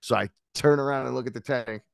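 A man guesting on a podcast, telling animated stories in casual chat, swearing freely and acting out the voices of people in his tales. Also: medium pitch, quick pace, creaky, no room sound, clean studio sound.

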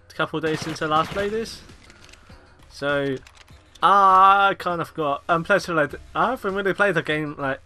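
A man's voice: fairly high pitch, bright, forceful tone. A young man giving casual, rambling commentary while playing a video game, often exclaiming at the action. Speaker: gamer.

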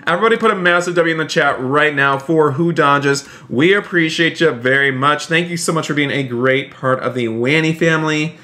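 Excitable bright-voiced male streamer. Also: a little fast, few pauses. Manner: excitable and gushing, often jumping into high squeals. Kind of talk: live-stream role-play commentary.

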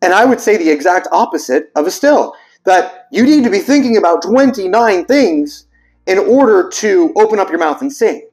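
In a casual explainer video, a male vocal coach reads terms aloud, reacts with puzzled asides, and occasionally sings vowels to demonstrate them. His voice is high with a darkish tone and lively intonation, moving at a normal speed over soft background music.

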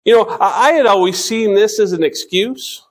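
High-voiced preacher in his fifties. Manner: earnest, slows down to read scripture, frequent restarts. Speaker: pastor. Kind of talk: sermon.

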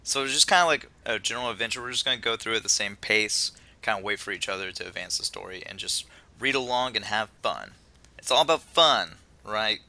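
A man's voice: on the low side, a little fast, bright, forceful tone. A man hosting a casual let's play, talking in a loose, rambling way with lots of "kinda" and "just". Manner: loose and rambling, with many fillers. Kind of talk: casual gaming chat.

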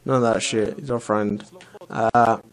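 A man's voice: fairly low pitch, fairly even intonation, measured pace. A young man, casually rambling and swearing as he commentates his own gameplay. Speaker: let's play host.

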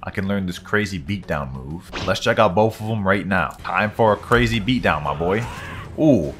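A gaming YouTuber gives excitable let's-play commentary full of slang, hyping himself up as he plays. His voice sits low and moves fairly quickly over soft background music.

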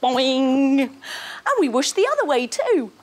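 A woman's voice: sits high, very animated, slow, soft background music. Playful singsong woman teaching kids yoga. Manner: playful, singsong, lots of sound effects and cues. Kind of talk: guided kids yoga story.

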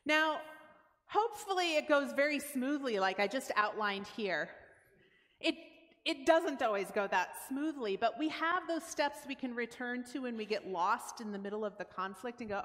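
Woman, church speaker, conversational sermon, slightly high voice, long hall reverb. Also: expressive, normal speed, fairly bright tone. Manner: explains steps plainly, acting out everyday dialogue. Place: church sanctuary.

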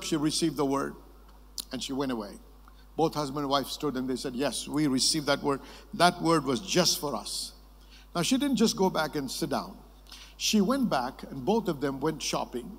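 A male preacher delivering a sermon to a conference, telling stories in a lively way and prompting the congregation to answer. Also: a little high. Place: large conference hall. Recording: long reverb of a large hall.

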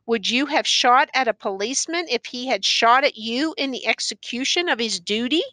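A woman reading the part of a grave male judge who questions the accused in a stern, measured way. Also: fairly high pitch, animated, pushed and bright, dry recording.

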